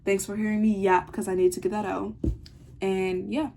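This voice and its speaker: A woman's voice: medium pitch, level tone, normal speed, gravelly. A teenage girl telling a rambling, irritated story about a classmate in a casual video diary. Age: teens. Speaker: vlogger.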